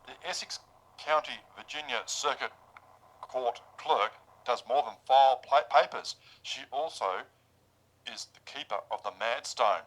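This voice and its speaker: A man's voice: medium pitch, a little slow, a bit bright, rough recording. An Australian man co-hosting a radio show, reading odd news stories aloud and stumbling over the words. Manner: stumbling, tongue-tied reading, dry comebacks. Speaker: co-host reading news items.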